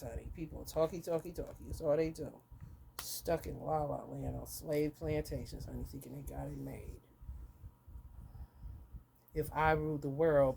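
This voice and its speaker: Hosting an unscripted live stream, a tarot reader speaks bluntly and swears a lot. She calls her listeners honey and shifts between loud outbursts and low muttering.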